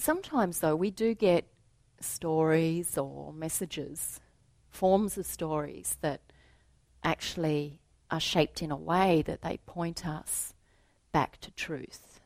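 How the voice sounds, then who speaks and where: A woman giving a reflective spiritual talk, telling a story to make her point in a gentle voice that often drops to a soft hush. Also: low-pitched, slow pace, creaky, dry recording. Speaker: spiritual teacher.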